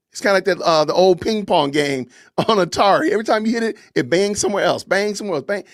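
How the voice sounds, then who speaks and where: A man's voice: high-pitched, animated, quick pace, hardly any pauses, no echo, studio quality. A man hosting a podcast, delivering an impassioned, preachy commentary rant with lots of repetition and emphatic commands. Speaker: podcast host.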